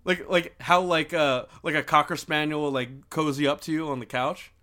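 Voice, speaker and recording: A man's voice: a little high, steady tone, normal speed, pushed and bright. A young man co-hosting a podcast, chatting casually, joking and rambling with lots of filler words. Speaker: podcast co-host. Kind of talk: casual chat.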